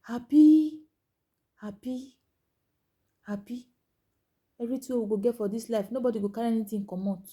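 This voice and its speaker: A woman speaking Nigerian Pidgin in a motivational monologue, urging listeners with repeated phrases, rising to loud emphasis and dropping to hushed whispers. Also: on the high side, fairly even intonation, very fast, few pauses, slightly rough. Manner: exhorting, repetitive, swings between loud emphasis and hushed whispers.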